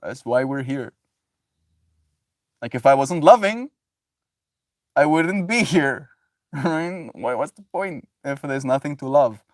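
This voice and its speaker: A man's voice: medium pitch, expressive, slow pace, long pauses, no room sound, clean studio sound. Rambling, laughing male livestreamer. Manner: rambling, laughs often, loose filler-heavy talk. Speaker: livestreamer reading chat. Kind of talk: casual spiritual musing.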